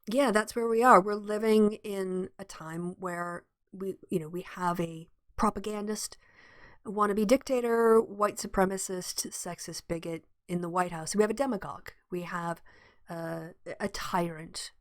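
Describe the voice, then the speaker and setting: A woman hosting her own political commentary show, indignant and blunt. She reads news stories aloud and breaks off to comment on them. Her voice sits at an everyday pitch and is recorded close and dry, with no room sound. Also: steady tone, a little slow, no echo.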